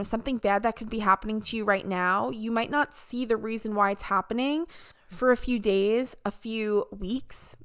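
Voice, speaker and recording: A woman's voice: a little high, fairly bright tone, clean tone. A young adult woman hosting a podcast, giving an upbeat motivational talk and mimicking voices when she quotes people. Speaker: podcast host. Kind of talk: casual motivational monologue.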